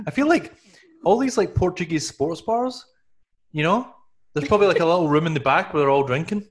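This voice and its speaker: A man's voice: a little high, animated, a little fast. A man from Canada co-hosting a podcast, talking in a rambling way full of fillers and restarts. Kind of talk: casual chat.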